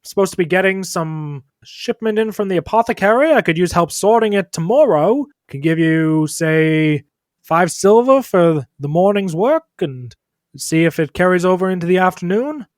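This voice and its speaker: A man's voice: high voice, expressive, normal speed, no room sound, studio quality, voice pushed up. A man voicing a breezy, rambling village doctor. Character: chatty male village doctor, upbeat.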